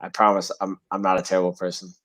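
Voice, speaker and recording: A man's voice: deep voice, monotone, quick pace, fairly bright tone. A man co-hosting a podcast, rambling and joking crudely in casual banter. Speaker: podcast co-host.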